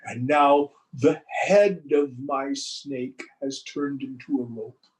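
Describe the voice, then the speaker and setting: A man's voice: mid-range voice, slow pace, natural voice, low-quality recording. A man voicing a bragging spiritual seeker. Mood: boastful. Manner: bragging, name-dropping. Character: boastful male spiritual seeker, self-important.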